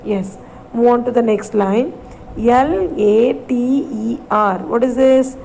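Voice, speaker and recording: A woman's voice: fairly high pitch, slow pace, gravelly, mellow, a little hiss or hum, low-quality recording. A woman teacher with an Indian English accent, giving a recorded reading lesson to young children, spelling out words letter by letter and asking them questions. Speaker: primary school English teacher.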